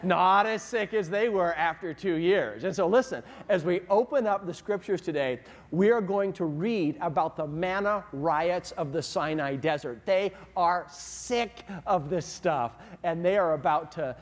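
High-voiced male pastor preaching in a hall. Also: moderate pace, hardly any pauses. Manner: animated storytelling, asks the audience questions. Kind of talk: sermon. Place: church sanctuary. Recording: long reverb of a large hall.

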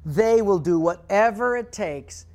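A man preaching a sermon as pastor, telling stories with animation and dropping to quiet emphasis. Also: sits high, lively intonation, measured pace.

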